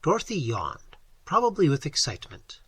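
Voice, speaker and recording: A man narrating an audiobook in an expressive storytelling manner. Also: fairly high pitch, normal speed, breathy edge, dry recording.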